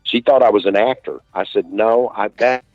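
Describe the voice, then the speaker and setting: A man with an East Texas accent, an author being interviewed, telling stories in a relaxed drawl with many restarts. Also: fairly low pitch, moderate pace, no echo, soft background music. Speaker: author guest. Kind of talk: casual interview talk. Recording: dull lo-fi dry stream audio.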